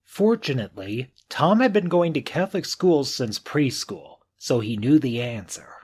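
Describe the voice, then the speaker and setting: Man, audiobook narration, husky voice, animated pitch, expressive reading. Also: normal speed. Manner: expressive reading, acting out characters' thoughts.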